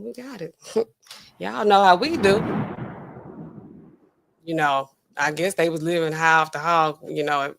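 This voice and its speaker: A woman pharmacist hosting a casual true-crime livestream, chatting straight to her viewers with big swings of pitch. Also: fairly bright tone. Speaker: pharmacist host.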